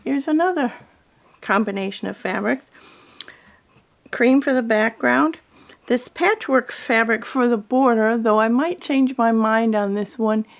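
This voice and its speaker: Gravelly-voiced woman explaining quilt fabrics. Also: a little high, measured pace. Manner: calm, explanatory, talks through fabric choices. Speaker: quilting instructor. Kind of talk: video tutorial narration.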